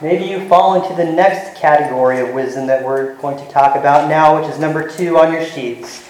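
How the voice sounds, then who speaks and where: A man's voice: a little high, normal speed, roomy sound, rough recording. A man preaching a sermon in an earnest teaching manner, walking listeners through scripture. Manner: earnest, retells scenes with lively voices.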